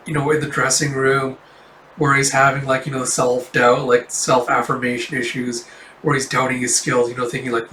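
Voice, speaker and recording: A man's voice: mid-range voice, sharp tone, a little hiss or hum. Rambling young man in a roomy room. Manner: rambling, heavy on fillers like "you know". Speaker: manga reviewer. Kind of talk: casual reading and review. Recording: roomy, distant mic.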